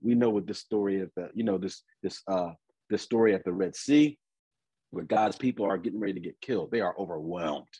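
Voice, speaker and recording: A man preaching a conversational sermon, often repeating and restarting his words and reading scripture slowly. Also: low-pitched, dark tone, breathy edge, no echo, rough recording.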